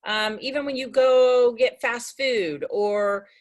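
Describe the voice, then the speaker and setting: A woman's voice: on the high side, slow. A woman teacher talking earnestly with her class on a video call, rambling and restarting her sentences.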